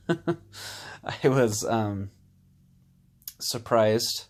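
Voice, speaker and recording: A man telling a personal story in a candid, rambling way, pausing with "um" and "you know". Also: fairly low pitch. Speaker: vlogger.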